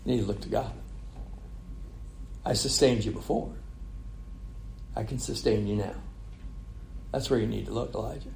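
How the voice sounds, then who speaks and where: A man voicing God as a gentle, patient male figure, speaking quietly and coaxingly. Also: a little high, moderate pace, pauses often, slight background noise, natural voice. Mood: reassuring. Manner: soft and quiet, coaxing, repeating the name.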